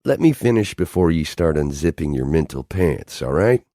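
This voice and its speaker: A man's voice: a bass voice, expressive, normal speed, dark tone, no echo, studio quality. A man voicing a cold, commanding male alien agent in an audiobook, speaking in a clipped, exasperated way. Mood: forceful.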